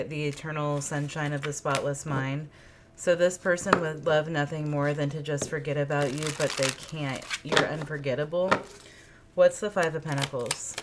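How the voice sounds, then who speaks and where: A woman's voice: low voice, noisy background. A woman doing an intuitive tarot reading, musing aloud, repeating her phrases and asking spirit questions as she pulls cards. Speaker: tarot reader. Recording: card shuffling clicks in background.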